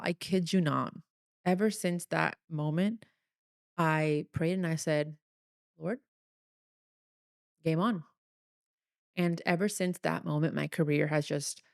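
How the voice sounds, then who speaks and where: A woman's voice: deep voice, vocal fry, dry recording, clean studio sound. A young woman hosting a solo podcast, telling a personal story in an earnest, chatty, confessional way. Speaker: podcast host.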